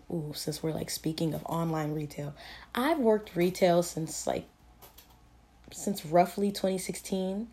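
A woman's voice: fairly low pitch, dark tone. A young woman in college hosting a casual solo podcast, rambling and self-mocking, full of fillers. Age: young adult. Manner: chatty, rambling, self-deprecating with frequent fillers. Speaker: podcast host.

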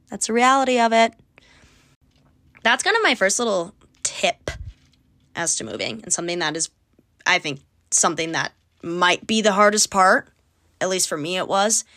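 A woman's voice: on the low side, fairly bright tone, no room sound, studio quality. A woman in her twenties hosting a podcast in casual chat, chatty and sarcastic, swearing freely. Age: 20s. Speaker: podcast host.

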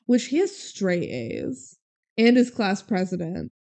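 A young woman co-hosting a podcast, retelling a movie quickly with laughs and mock quotes. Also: fairly high pitch, animated, dark tone. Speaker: podcast co-host. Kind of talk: casual chat recapping a movie.

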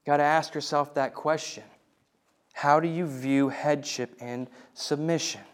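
A man preaching a sermon, speaking in slow, emphatic phrases and repeating lines for weight. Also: on the high side, steady tone. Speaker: pastor.

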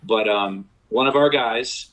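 A man's voice: slow, low-quality recording. A young man, a former college baseball catcher, telling stories in a casual chat and acting out the quotes with big jumps in his voice. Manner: animated storyteller, acts out quotes with big pitch jumps.

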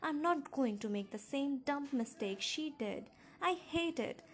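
A woman voicing an anguished teenage girl who yells and shrieks through tears. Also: sits high, expressive, drawn-out words, pitched above the performer's own voice, heavily acted. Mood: pleading angry.

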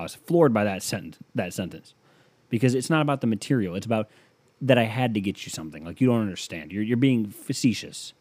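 A man's voice: on the low side, a little mellow, husky, no room sound. A man hosting a podcast, delivering a profane, sarcastic comedic rant. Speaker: podcast host. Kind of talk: comedic monologue.

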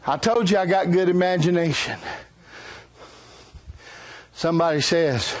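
A man preaching a sermon in a fervent style that swells into shouts, with folksy conversational asides. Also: fairly high pitch, measured pace, long pauses.

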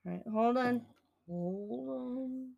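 This is a woman co-hosting a casual podcast, teasing her co-host as they trade back and forth. She speaks slowly, and her voice sits a little higher than most women's. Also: vocal fry, darkish tone, muffled recording.

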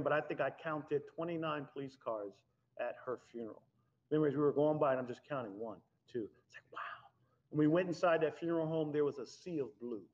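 Male pastor, conversational sermon delivery, slightly high voice, muffled lo-fi recording. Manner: animated, conversational preaching with laughs and acted-out quotes. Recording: dull lo-fi sound.

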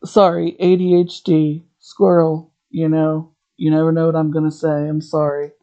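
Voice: mid-range voice, level tone, moderate pace, dark tone, muffled recording. A podcast host recapping a TV episode in a chatty, rambling way, drifting into tangents.

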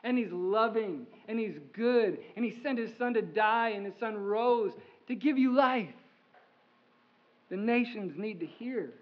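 A man's voice: sits high, a little slow. A man preaching a sermon as pastor, emphatic and repetitive, in a church. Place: church sanctuary. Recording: slightly muffled sermon audio.

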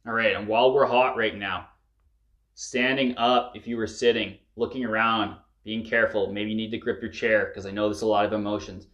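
A man's voice: lowish voice, fairly even intonation, a little fast, a bit bright, highs cut off. A man guiding listeners through a breathwork and emotional release session, coaching them urgently and swearing at the peaks. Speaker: breathwork facilitator.

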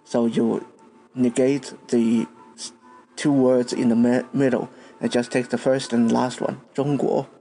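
Man, podcast host, language lesson, slow, patient, faint music underneath. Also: mid-range voice, flat delivery, vocal fry, dark tone. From Taiwan. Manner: spells words letter by letter, patient.

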